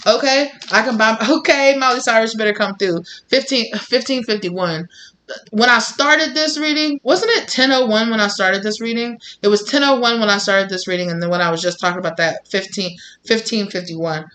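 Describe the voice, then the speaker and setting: Blunt, bright-voiced tarot reader. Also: mid-range voice, normal speed. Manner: blunt and profane, acts out quoted people. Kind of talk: casual tarot reading to camera.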